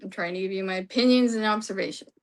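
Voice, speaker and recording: A woman with a medium-pitched voice talks fast while recapping a court trial casually and ramblingly. She reads from her notes, restarts often, and is losing her voice.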